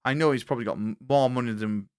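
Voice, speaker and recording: A man co-hosting a podcast, talking in a rambling, halting way with casual swearing. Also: mid-range voice, smooth, no room sound, clean studio sound. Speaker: podcast co-host. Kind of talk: casual chat.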